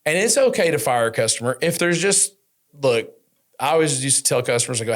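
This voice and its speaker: A man talks shop on a business podcast, mid-range in pitch and loose in delivery. He tells stories with energy and jumps up in pitch whenever he acts out what customers and friends said. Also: a little fast. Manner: animated storyteller, acts out quotes with rising pitch. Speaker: podcast host. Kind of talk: casual business podcast chat.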